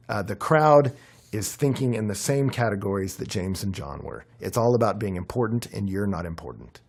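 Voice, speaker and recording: A young man preaching a conversational sermon, his voice worn and hoarse, with frequent fillers and animated emphasis. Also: on the low side, moderate pace. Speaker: pastor.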